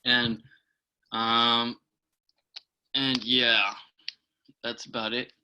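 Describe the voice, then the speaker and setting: Hesitant young man, flat and bright. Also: medium pitch, slight background noise, poor audio. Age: young adult. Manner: hesitant, many ums, slow and flat. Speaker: incoming student. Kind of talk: introducing himself in class. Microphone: video call.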